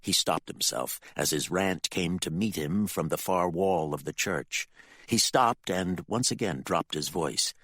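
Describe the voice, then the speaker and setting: A man narrating a dark fantasy audiobook with expressive, dramatic storytelling. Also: low voice, measured pace, no echo, studio quality.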